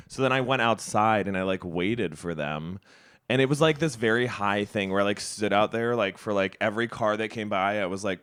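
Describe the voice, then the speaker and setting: A man's voice: fairly low pitch, a little fast, a bit bright, clean tone, no echo, studio quality. A young man co-hosting a podcast, telling a rambling story in casual chat and filling his talk with "like". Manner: rambling storyteller, heavy use of "like". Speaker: podcast co-host.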